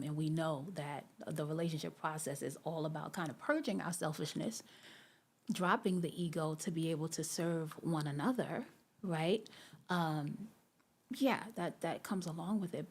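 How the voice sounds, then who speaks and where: A woman's voice: low voice, a little mellow, husky. A woman hosting a podcast, talking reflectively and conversationally to her listeners, with many fillers and asides. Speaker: podcast host.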